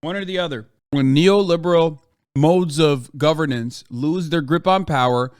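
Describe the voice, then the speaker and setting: An American man rants through a livestream reaction, swearing and exasperated. His voice sits high and clear, and it is recorded close and dry. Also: normal speed, no room sound. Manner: profane, exasperated ranting. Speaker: streamer reacting to news.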